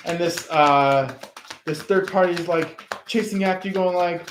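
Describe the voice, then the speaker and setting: A man giving a casual tarot reading, rambling and halting with many fillers. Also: high-pitched, slight background noise. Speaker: tarot reader. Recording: roomy echo.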